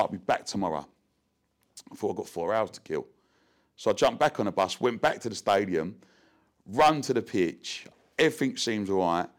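A middle-aged man, telling an emotional personal story as an interview guest, animated and repeating words as he rushes on. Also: on the low side.

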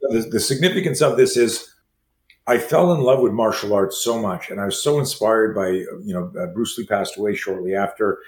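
A middle-aged man with a lowish voice tells a story in conversation, acting out the voices in it as he goes. The sound is roomy and echoey, with faint ambience behind him. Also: moderate pace, slight background noise. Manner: animated, acts out voices and screams in his stories. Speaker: martial arts instructor, guest.

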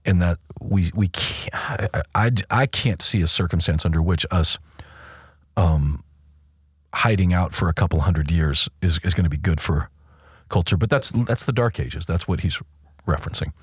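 A low-voiced man with a husky edge, co-hosting a casual faith discussion. He talks emphatically and circles back over his words as he thinks. The sound is close and dry. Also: normal speed, dry recording. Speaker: podcast co-host.

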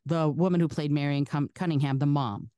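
Low, mellow-voiced woman telling stories. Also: fairly quick, dry recording, clean studio sound. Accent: broadcast American. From Soviet Union. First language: Russian. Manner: animated, laughs often, chatty. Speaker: guest. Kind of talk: casual interview storytelling.

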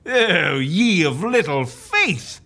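An actor playing a boisterous office colleague who talks in theatrical pirate slang, with a bright, husky voice. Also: medium pitch, big pitch swings, slow pace, heavily acted. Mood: hearty piratical.

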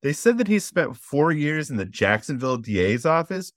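A man hosting a casual movie podcast, joking and animated as he introduces a guest. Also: fairly high pitch, normal speed, no room sound, clean studio sound. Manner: animated and joking, acts out quotes. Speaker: podcast host.

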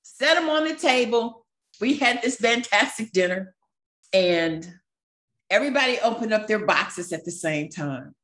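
A woman guest on a podcast, telling a personal story in an emotional, animated way. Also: mid-range voice, measured pace. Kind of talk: casual storytelling.

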